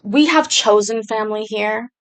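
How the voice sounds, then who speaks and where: A woman talks casually to her livestream audience. She rambles from thought to thought and reads viewers' comments aloud as she answers them. Her voice sits in a middle pitch range. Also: normal speed. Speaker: livestream host.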